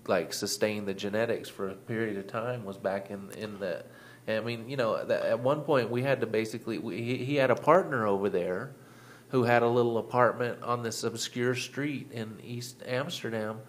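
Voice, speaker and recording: A man talking casually as a guest, halting and restarting as he recalls things. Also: lowish voice. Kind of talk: casual chat.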